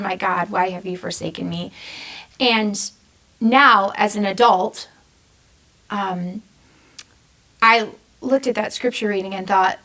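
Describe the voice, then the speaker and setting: A woman's voice: mid-range voice, fairly bright tone, rough recording. A young adult woman giving a Lenten reflection in an earnest, conversational way, with frequent ums and restarts. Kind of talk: personal faith testimony and scripture reading.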